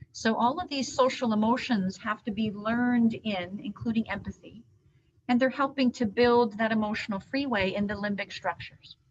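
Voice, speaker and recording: A woman trainer giving an animated live training talk to caregivers, teaching with hand gestures. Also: mid-range voice, a little hiss or hum. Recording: dull lo-fi sound.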